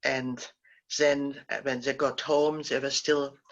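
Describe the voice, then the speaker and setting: An older woman, a Holocaust survivor, gently recounting her memories as a guest speaker, pausing and restarting often. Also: extremely low pitch, level tone, lo-fi sound. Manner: halting, gentle storytelling with frequent restarts. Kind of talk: recounting personal memories in a talk.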